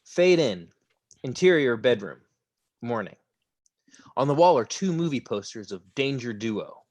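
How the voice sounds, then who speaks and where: Lively man reading stage directions. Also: mid-range voice, unhurried, no room sound. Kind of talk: script narration at a table read.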